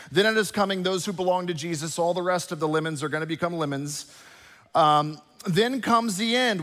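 A fairly high-pitched man preaches in a big church hall, and his voice rings out with a long echo. He drifts from scripture into conversational asides and animated storytelling, checking in with the congregation as he goes. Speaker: pastor. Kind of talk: sermon.

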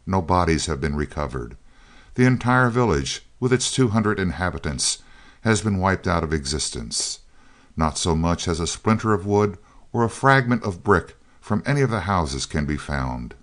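A man narrating an audiobook in a steady, measured reading style. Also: deep voice. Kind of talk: scripted narration of a science-fiction novel.

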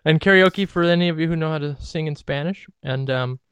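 A man's voice: on the high side, fairly quick, a bit bright, clear, resonant tone, dry recording. A man co-hosting a podcast, telling rambling, laid-back stories in casual chat, full of fillers. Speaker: podcast co-host.

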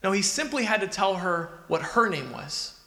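A man's voice: high voice, expressive, moderate pace, pushed and bright. A man preaching a sermon in an earnest, conversational way, asking the listeners questions. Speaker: pastor. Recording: echoey hall with long reverb.

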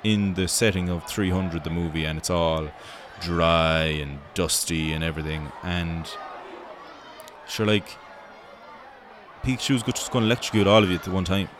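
A man's voice: sits low, fairly even intonation, normal speed, a crowd in the background, background noise. An Irish man hosting a show, giving joking, profane mock sports commentary in rambling banter. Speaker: host.

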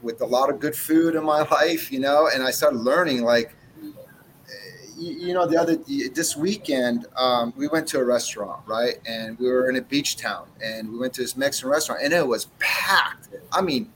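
A brash man in his forties chats about his cigar business, blunt and full of swearing. His voice sits at an ordinary middle pitch. A faint low rumble runs underneath. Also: normal speed, a bit bright, low-quality recording. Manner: blunt, profane, brash storytelling. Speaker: cigar brand owner. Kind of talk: casual interview chat.

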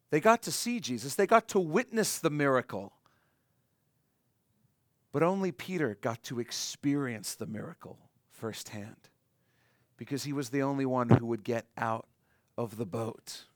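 Pastor guy preaching, earnest, mid voice, dry close mic, drops soft on the big lines. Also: mid-range voice, dry recording. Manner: earnest, slows and softens on key points. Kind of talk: sermon.

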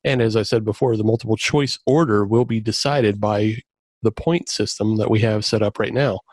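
A man's voice: on the low side, moderate pace, a little mellow, dry recording. A man hosting a casual trivia game among friends, announcing the rules and giving rulings while laughing at the players. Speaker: quiz host.

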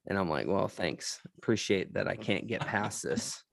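A man in casual podcast chat, a pastor and co-host telling animated stories and laughing often. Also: deep voice, moderate pace, vocal fry, no room sound.

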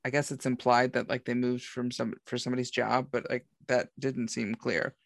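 A man's voice: medium pitch, little pitch movement, normal speed, vocal fry, no room sound, studio quality. A man chatting casually about a movie, rambling with lots of fillers. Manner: rambling, filler-heavy storytelling. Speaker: podcast co-host. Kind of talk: casual movie review chat.

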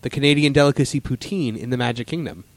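A man's voice: mid-range voice, fast talker, no echo. A man hosting a casual podcast, chatting in a rambling way with lots of fillers. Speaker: podcast host. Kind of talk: casual chat.

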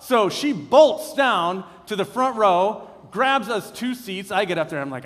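A man's voice: high voice, measured pace, hardly any pauses. Man preaching in a reverberant hall. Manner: lively, self-deprecating storytelling. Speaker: pastor. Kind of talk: sermon with personal story. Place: church sanctuary.

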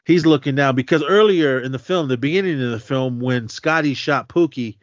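Man, podcast co-host, casual film recap, animated storytelling, dry close sound, muffled audio. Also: medium pitch, normal speed, no echo. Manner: animated retelling, voicing characters' lines.

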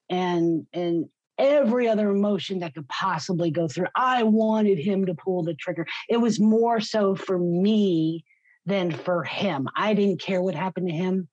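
A woman's voice: on the low side, takes it slowly, a little mellow, dry recording. A middle-aged woman giving a raw, blunt personal testimony in an interview, swearing freely. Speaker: guest sharing her story. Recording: slightly muffled, dry recording.

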